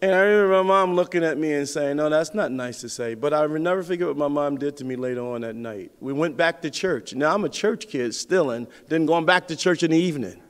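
High-voiced preaching man in a reverberant hall. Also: quick pace, few pauses. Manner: storytelling, lively swings in pitch and loudness. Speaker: pastor. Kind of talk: sermon.

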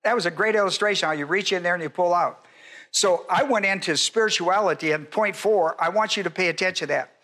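A man's voice: high voice, fast talker, sharp tone. An older man, a pastor, teaching a Bible sermon in an emphatic, repetitive way and putting questions to his congregation.

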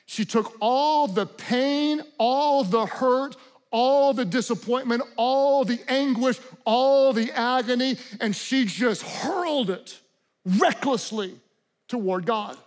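A middle-aged man delivers a sermon as pastor in a notably high voice. He speaks slowly and deliberately, swinging between hushed stretches and fervent, shouted appeals. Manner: impassioned preaching, shifts from quiet to shouting.

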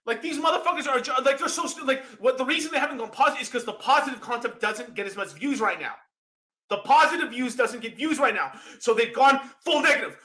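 Young male host, high and piercing, profane heated rant, frequent shouting. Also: expressive, brisk. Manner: heated, swearing constantly, often shouting. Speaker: crypto channel host. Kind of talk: profane ranting monologue.

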